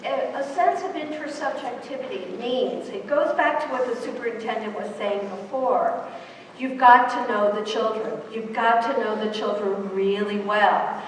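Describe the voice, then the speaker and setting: A woman's voice: on the high side, normal speed, a little hiss or hum. Middle-aged woman, keynote speaker, engaging and questioning; distant mic in a big reverberant hall. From New York. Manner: engaging, asks the audience rhetorical questions. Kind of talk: conference keynote speech. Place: large conference hall. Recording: echoey hall recorded from far off.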